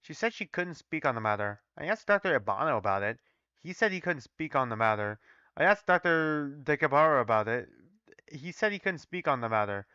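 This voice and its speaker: A man reading aloud, low and quick, as a frustrated young male researcher who speaks flatly and formally, on a dull, dry recording. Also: clean tone, no echo.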